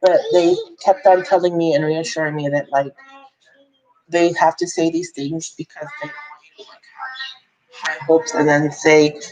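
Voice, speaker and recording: A woman's voice: sits low, expressive, moderate pace, darkish tone, poor audio. A woman vlogger telling a personal story in a candid, rambling way, full of fillers and restarts.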